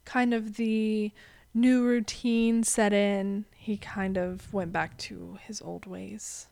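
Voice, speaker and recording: A woman's voice: medium pitch, little pitch movement, slow pace, creaky, a little mellow, no room sound. A woman co-hosting a podcast, chatting casually and agreeing often. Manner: agreeable, lots of mm-hmms, laughs. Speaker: podcast co-host. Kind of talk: casual chat.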